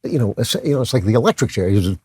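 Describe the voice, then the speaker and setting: A man's voice: medium pitch, lively intonation, rapid-fire, a little mellow, slightly rough. An older man hosting a commentary show, talking casually with restarts and asides. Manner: conversational, with frequent restarts and asides. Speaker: podcast host.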